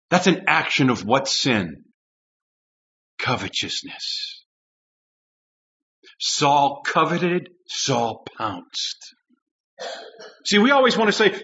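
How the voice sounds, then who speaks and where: A man preaching a sermon with passion, swinging from loud urgent lines down to low, intense tones. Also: very animated, slow pace, lo-fi sound. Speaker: pastor.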